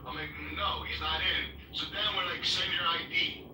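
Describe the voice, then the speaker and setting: A man's voice: high-pitched, normal speed, recorded from a distance, background noise. A man telling stories in a casual, rambling chat, swearing freely and acting out what people said. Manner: animated, profane, rambling storyteller. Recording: echoey room, voice off-mic.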